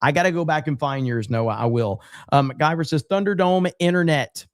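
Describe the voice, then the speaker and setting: A man's voice: on the high side, normal speed, no echo, clean studio sound. A male livestream host reading super chats aloud in casual chat, swearing freely and laughing often.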